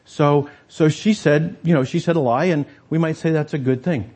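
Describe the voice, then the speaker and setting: Man, pastor preaching, husky voice, conversational sermon, rhetorical asides. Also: a little high, moderate pace, darkish tone.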